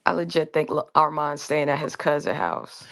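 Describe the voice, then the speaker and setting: Woman, low, gravelly, lively pitch, casual co-host. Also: normal speed. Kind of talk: casual chat.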